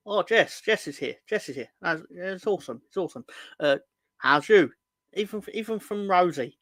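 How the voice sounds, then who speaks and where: A young man hosts a football fan livestream, his voice on the high side with a fairly bright tone and a dry recording. He chats casually and rambles, joking around and teasing viewers as he reads out their comments.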